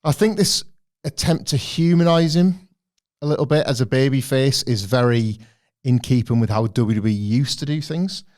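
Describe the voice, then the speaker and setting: A man's voice: mid-range voice, moderate pace, a little mellow. A man co-hosting a podcast, giving a thoughtful, rambling analysis of a wrestling storyline in casual chat. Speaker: podcast co-host.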